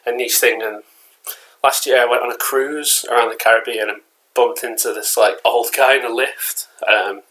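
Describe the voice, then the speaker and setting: A medium-pitched man with fairly even intonation and a sharp tone talks at a moderate pace, captured in poor audio. He's an English collectibles vlogger rambling through casual chat indoors at home, full of fillers and restarts.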